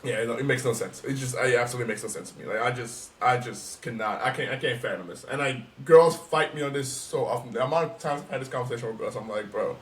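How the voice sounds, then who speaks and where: A man co-hosting a casual podcast, talking in an animated, emphatic and profane way. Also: medium pitch, fast talker, few pauses, far from the mic. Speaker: podcast co-host.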